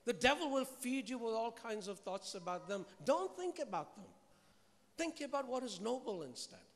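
High-voiced preacher in a reverberant hall. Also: male voice, moderate pace. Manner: lively, asks the congregation questions, mixes humour with scripture. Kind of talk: sermon to a live congregation. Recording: long reverb of a large hall.

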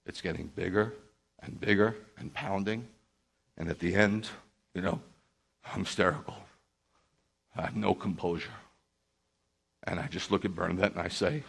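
Male rabbi, very low voice, emphatic storyteller who acts out the dialogue in his sermon. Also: fairly even intonation, normal speed, gravelly, long pauses, a bit bright, husky. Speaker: Messianic rabbi. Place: speaking live to a group.

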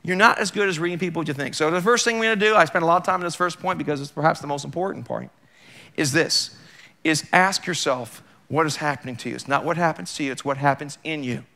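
A man's voice: a little high, fast talker, gravelly, pushed and bright. A male pastor giving a sermon in a church, talking conversationally and with emphasis, using plenty of rhetorical questions.

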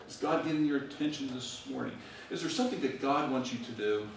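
A man's voice: mid-range voice, lively intonation, fast, few pauses, background noise. A male pastor preaching a sermon to his congregation, asking them direct questions. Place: church sanctuary. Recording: very echoey church recording from far off.

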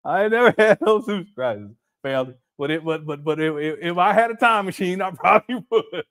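A man's voice: high voice, expressive, fairly quick, fairly bright tone. A man hosting a casual livestream, reading the chat aloud, laughing often and using slang as he calls his viewers family.

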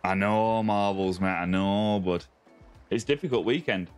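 Aussie guy streaming, lowish voice, chill chat w viewers, mate and buddy every line, bit of music behind. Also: unhurried, clean tone. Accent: Australian. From Australia. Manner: friendly, greets viewers by name, calls them mate and buddy. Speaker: game streamer. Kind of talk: casual live-stream chat reading viewer comments. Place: home streaming setup with a ring light.

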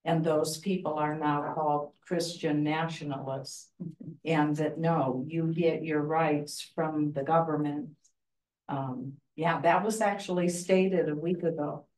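A woman with a very low voice talking slowly, heard from afar in an echoey room. She is a class member reporting something she heard. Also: steady tone, darkish tone. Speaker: class participant. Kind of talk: comment in a church class. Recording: echoey room, mic far off.

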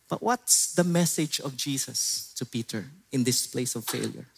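A man with a Filipino accent preaching a sermon in an animated way, switching between Tagalog and English and joking with the congregation. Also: mid-range voice, measured pace, creaky, slight background noise. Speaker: pastor. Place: church service.

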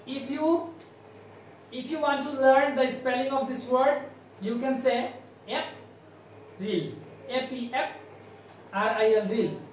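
A man with a Bangladeshi accent teaching English to primary pupils, slowly spelling words letter by letter and drilling their pronunciation. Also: extremely high pitch, steady tone, heavy reverb, recorded from a distance, a little hiss or hum, poor audio. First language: Bengali. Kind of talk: classroom lesson.

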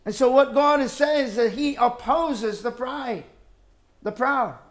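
A man with a high, lively voice delivers a sermon. He presses his points with rhetorical questions and shifts between forceful emphasis and hushed, low asides. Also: unhurried. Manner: emphatic, rhetorical questions, swings from loud to quiet. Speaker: preacher.

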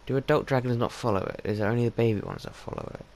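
A man's voice: medium pitch, wildly swooping pitch, rapid-fire, creaky, few pauses, a little mellow, a little hiss or hum. A man casually commentating his own gameplay, chatting away and coaxing his in-game pets to follow him. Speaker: gaming channel host. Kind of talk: casual let's-play commentary.

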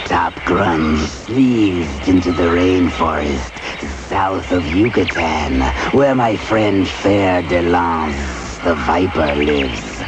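Deep, slow-drawling rainforest creature. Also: male voice, animated, background noise, exaggerated voice. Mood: sneering. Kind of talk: TV game show clue report.

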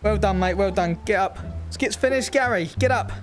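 A woman's voice: medium pitch, normal speed. A woman streaming VR gameplay on a headset, rattling off crude, sweary banter aimed at game characters. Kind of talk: chaotic gameplay commentary. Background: loud background music.

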